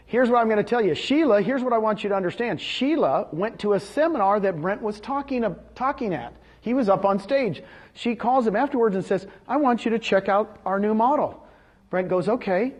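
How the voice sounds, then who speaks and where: A middle-aged man with a rather high, husky voice speaks to a live audience. He gives a motivational sales talk and keeps the energy up. He quizzes the room with rhetorical questions. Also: darkish tone. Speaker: seminar speaker.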